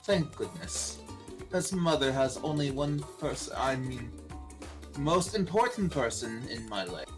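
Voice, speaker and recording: Woman doing a deep, tender hulking killer woman. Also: very animated, unhurried, exaggerated voice. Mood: relieved. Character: Huntress, hulking female killer, soft and devoted. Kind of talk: reading dating-game lines aloud. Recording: game music playing behind.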